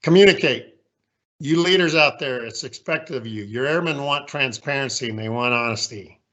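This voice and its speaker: Folksy older man, bright edgy voice. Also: mid-range voice, moderate pace. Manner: candid, folksy, self-deprecating. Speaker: guest speaker. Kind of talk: leadership talk with slides.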